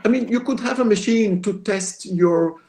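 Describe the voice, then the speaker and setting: A man's voice: high-pitched, moderate pace, darkish tone, low-quality recording. A man giving a guest lecture, answering questions in a hesitant, thoughtful way and often repeating his words. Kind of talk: academic Q&A answer.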